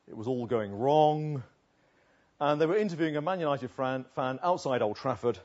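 A man preaching a sermon, earnest, swinging between emphatic declamation and quiet, low asides. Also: dull audio.

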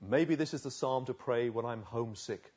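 A man preaching a sermon, swinging from loud urging to hushed, slow pleading. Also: medium pitch, husky. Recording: dull lo-fi recording.

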